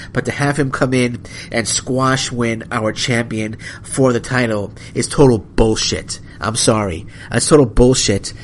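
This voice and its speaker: A man's voice: mid-range voice, slight background noise. Angry rambling male podcast host. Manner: angry, rambling, apologetic, many restarts. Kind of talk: solo wrestling podcast rant.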